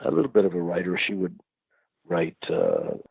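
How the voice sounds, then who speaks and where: A man from Prince Edward Island, Canada, giving thoughtful, unhurried interview answers as a singer-songwriter guest, searching for his words. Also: low-pitched, wildly swooping pitch, vocal fry, husky, no echo. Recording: tinny phone-like line, dry.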